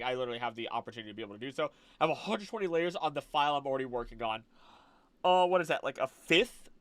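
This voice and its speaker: Young male streamer, casual live chat, excitable and quick to laugh, light higher voice. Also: smooth, dry recording. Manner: animated, exclaiming, laughing often.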